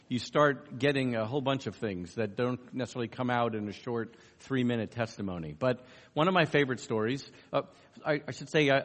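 A man giving a conference talk, telling a story with lots of fillers and acting out the dialogue. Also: medium pitch. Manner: animated storyteller, acts out dialogue, many fillers. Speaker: conference speaker. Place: conference hall. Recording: long reverb of a hall.

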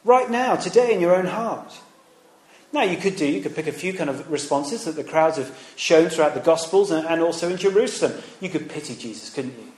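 In an echoey space, a man with a fairly high voice speaks a little fast while giving a conversational sermon. A preacher and former teacher, he weaves in stories and rhetorical questions and acts out the voices he quotes.

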